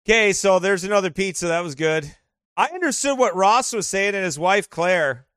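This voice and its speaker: A man telling casual stories over travel photos, animated and quick to laugh. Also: high voice, clean tone, dry recording, studio quality. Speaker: vlogger showing travel photos. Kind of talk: casual storytelling.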